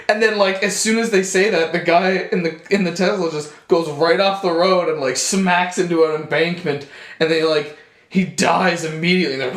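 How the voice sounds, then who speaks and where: A man's voice: high voice, fairly even intonation, fairly quick, a bit bright. Rambling young man, echoey room. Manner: rambling storyteller, laughs often, swears. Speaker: podcast co-host. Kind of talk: casual chat.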